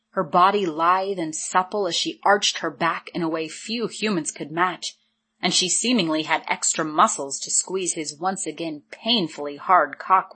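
Woman audiobook narrator, low-ish husky voice, even measured read.

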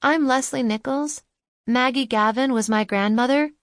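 A woman's voice: high voice, moderate pace, no echo, clean studio sound, voice pushed up. A woman voicing a determined young woman who keeps pressing with insistent questions.

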